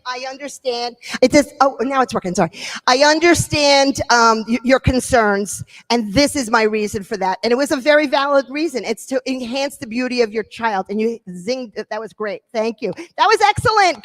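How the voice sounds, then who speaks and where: Energetic woman coaching in a large hall. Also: high voice. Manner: energetic, encouraging, coaxing. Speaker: workshop presenter. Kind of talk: live workshop coaching.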